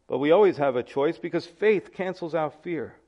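Male pastor with a high voice, emphatic sermon delivery with repeated phrases, on a dull, muffled recording. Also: lively intonation, moderate pace, a little mellow. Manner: emphatic, repeats key phrases, addresses listeners as guys.

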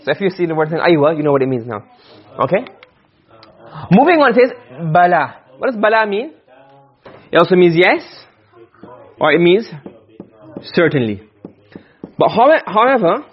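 A man's voice: sits high, slightly rough, dull audio. A man teaching an Arabic grammar class, asking questions and answering them himself, often repeating and restarting phrases. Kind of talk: classroom lecture.

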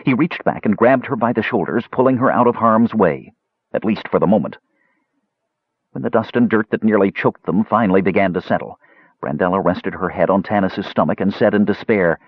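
An audiobook narrator reads a scripted fantasy story in a measured storytelling manner with lively intonation. His voice is on the low side and husky, captured in a dull, dry, close-mic recording.

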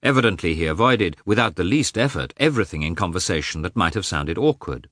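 A man giving an expressive, measured reading of a classic novel as an audiobook narrator. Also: deep voice, no echo, studio quality.

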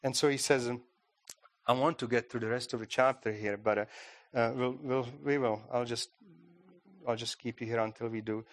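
A man's voice: mid-range voice, steady tone, moderate pace. A man preaching a sermon in a church, talking conversationally with many fillers and restarts. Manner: conversational, frequent "you know" fillers and restarts. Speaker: guest preacher.

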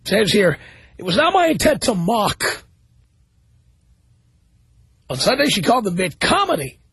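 A man's voice: sits high, huge pitch swings, measured pace, a bit bright, slightly rough, dry recording. A man hosting a talk radio show, reading news stories aloud and commenting on them sarcastically.

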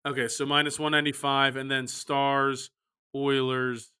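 A man's voice: mid-range voice, clean tone. A man hosting a casual sports betting podcast, running through picks and reading off odds. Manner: runs the picks, quick laughs, reads odds in a flat list. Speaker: podcast host.

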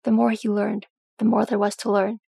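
A woman reading a fan fiction audiobook in a steady, even storytelling manner. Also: mid-range voice, moderate pace, gravelly, husky, no room sound. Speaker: audiobook reader.

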